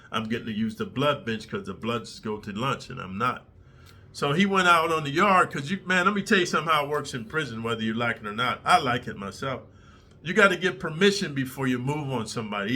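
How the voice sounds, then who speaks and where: A man's voice: mid-range voice, sharp tone. A middle-aged man telling a prison story in a casual, profane, streetwise way.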